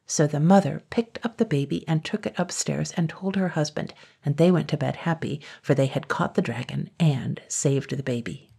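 A woman narrating a classic children's story in a calm, even storytelling manner. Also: deep voice, normal speed, gravelly, hardly any pauses, breathy edge. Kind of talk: scripted narration.

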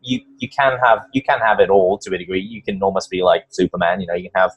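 Low husky English man hosting. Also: fast, dull audio. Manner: enthusiastic, rambling, lots of fillers. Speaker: podcast host. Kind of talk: casual interview chat.

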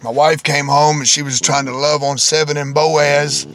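A man's voice: a little high, little pitch movement, moderate pace, a bit bright, a little hiss or hum. A man preaching informally, repeating his points, quoting scripture and checking in with "okay?".

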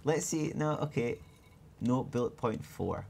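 British male streamer, jokey, animated up-and-down voice, plays and chats. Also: mid-range voice, measured pace, vocal fry, a little hiss or hum. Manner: playful, joking, thinks aloud. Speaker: game streamer host. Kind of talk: casual let's play chat.

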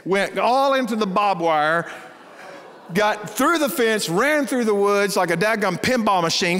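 A pastor from Texas with a Texas accent, preaching in a folksy, animated storytelling style and acting out the voices in his stories. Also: high voice, unhurried. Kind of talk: storytelling sermon. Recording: reverberant church hall.

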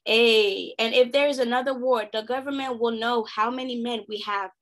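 A woman's voice: fairly high pitch, fairly even intonation, moderate pace, a bit bright, lightly acted. A woman playing a fiery, theatrical frontier mother. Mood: alarmed. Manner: theatrical, exclaiming. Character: fierce, dramatic frontier mother.

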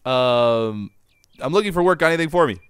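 A man riffs on a game he is playing, joking with his viewers in a playful, bouncy voice. His pitch jumps around a lot, and the sound is dry and close. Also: animated, brisk, clean tone, no room sound. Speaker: gaming channel host. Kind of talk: casual gameplay commentary.

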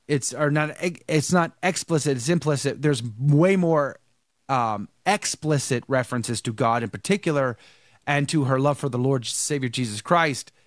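Male host, lively up-and-down delivery, emphatic, stumbles and restarts, tired, dry mic. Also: fairly high pitch, no room sound. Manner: emphatic, repeats himself, many restarts. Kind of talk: casual live show commentary.

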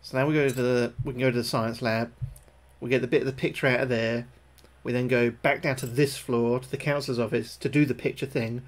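A man streaming a horror game live, excitable and swearing, yelping when he gets scared. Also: medium pitch, fairly quick. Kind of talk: live gameplay commentary.

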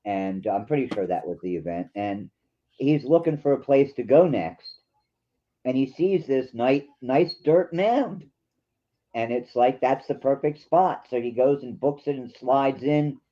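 A man's voice: medium pitch, unhurried. A man who is a guest on a show, telling his own stories in a laid-back, casual way. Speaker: guest, paintball player. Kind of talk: casual chat. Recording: dull lo-fi line.

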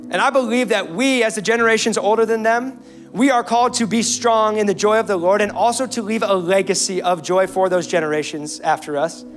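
A young man delivers a sermon from a church stage. His voice is high, and he swings between urgent intensity and quiet, hushed stretches. Faint music plays softly behind him. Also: a little fast. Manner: earnest preaching, rises and falls between intense and hushed. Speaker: pastor. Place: church auditorium.

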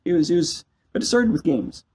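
Husky-voiced man in his fifties. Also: a little high, brisk, poor audio. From Canada. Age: 50s. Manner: self-deprecating, animated storytelling with laughs. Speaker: company CEO, guest. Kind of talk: casual interview conversation.

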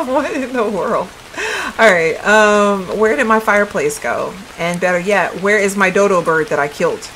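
A woman's voice: mid-range voice, lively intonation, moderate pace, fairly bright tone, slight background noise, rough recording. A woman giving casual let's-play commentary, chatty and puzzled, thinking aloud to her viewers. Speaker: gaming video creator.

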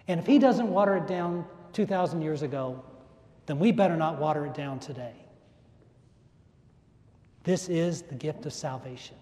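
A man's voice: high voice, animated, normal speed, warm tone. A man preaching a homily in an emphatic way, repeating phrases for stress and letting his voice rise and fall. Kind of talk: sermon. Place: large church. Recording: echoey church hall.

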